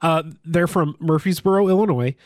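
A man's voice: on the high side, moderate pace, no room sound. A man co-hosting a casual podcast, chatting over a beer in a rambling way, often restarting his sentences. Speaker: podcast co-host.

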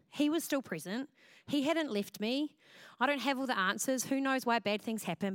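A woman preaching a sermon in a loud, expressive style. Her voice is fairly high, smooth and resonant. It sounds close and dry, with almost no room echo. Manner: loud, expressive preaching with acted self-talk. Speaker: pastor.

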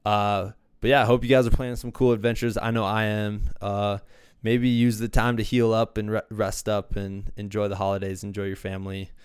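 A man from Iowa hosting a podcast, chatting in a relaxed, rambling way with many fillers. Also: fairly low pitch, fairly quick, clean tone, dry recording, clean studio sound. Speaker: podcast host. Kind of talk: casual podcast chat.

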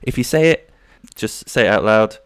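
Rambling man, deep, dry sound. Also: lively intonation, moderate pace, clean tone, dry recording. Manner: rambling, jokey, slips into silly voices. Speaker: podcast host. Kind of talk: solo rambling anecdotes.

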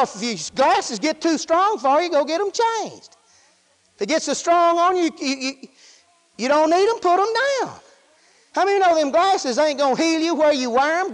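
A man preaching a sermon in a folksy, repetitive style, with frequent praise interjections. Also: very high-pitched. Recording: hall with long reverb.

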